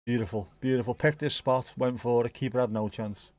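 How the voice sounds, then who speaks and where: A man's voice: mid-range voice, fairly even intonation, brisk. A man chatting casually through a live football watch-along, rambling, joking and swearing freely. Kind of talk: casual live match commentary chat.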